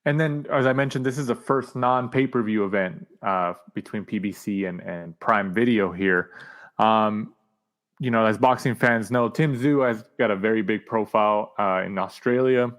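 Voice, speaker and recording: A man's voice: lowish voice, normal speed. A man hosting a podcast, easygoing and asking his guest questions. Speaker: podcast host. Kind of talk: casual podcast chat.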